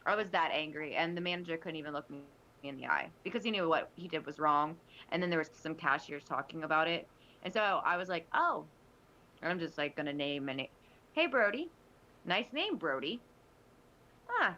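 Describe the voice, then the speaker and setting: A woman chatting casually on a podcast panel, telling stories animatedly with frequent restarts. Her voice is bright and forceful. The recording sounds a little dull and lo-fi. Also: sits low, brisk. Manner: animated storytelling with many restarts. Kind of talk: casual chat.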